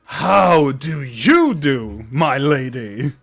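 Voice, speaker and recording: A man voicing a huge, boisterous male innkeeper who laughs and shouts jovially. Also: mid-range voice, expressive, very slow, creaky, soft background music, exaggerated voice.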